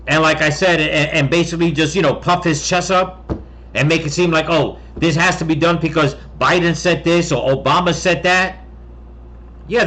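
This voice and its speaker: Heated male commentator with a fairly high voice, confrontational rant style. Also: a bit bright, rough recording. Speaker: political commentator. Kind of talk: opinion rant to camera.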